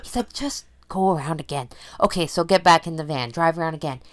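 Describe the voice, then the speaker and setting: A middle-aged woman from Canada, co-hosting a casual podcast chat and telling stories in an animated way, acting out her own panicked shouts. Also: low-pitched, a little fast. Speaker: podcast co-host.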